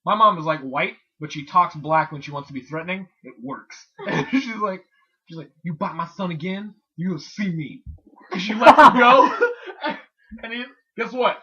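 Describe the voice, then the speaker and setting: A young man with a high, bright voice rambles through a story, swearing freely and laughing between lines. The recording is muffled and lo-fi, like a cheap podcast mic. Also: animated, moderate pace. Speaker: podcast co-host. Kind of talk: casual podcast chat.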